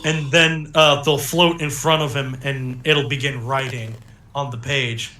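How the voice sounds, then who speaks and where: A man's voice: medium pitch, steady tone, unhurried, bright, forceful tone, reverberant, a little hiss or hum. A young man narrating a tabletop game as game master, laid-back, with lots of fillers and little chuckles.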